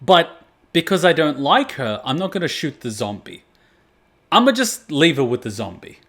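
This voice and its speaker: Lively, profane young man reacting to anime. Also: fairly high pitch, normal speed. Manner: profane, animated, breaks into loud outbursts. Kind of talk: casual reaction commentary.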